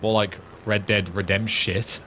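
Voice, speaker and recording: Yorkshire guy streaming a game, lowish voice, mumbly dry asides, game noise faint behind. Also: level tone, moderate pace, bright, forceful tone. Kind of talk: casual gameplay commentary.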